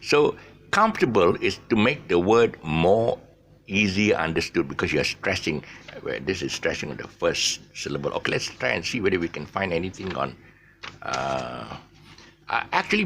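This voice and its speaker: Rambling male teacher, gravelly, bright tone, lively pitch, faint noise behind. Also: moderate pace. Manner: rambling, many fillers and restarts. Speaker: English teacher. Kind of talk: casual spoken English lesson.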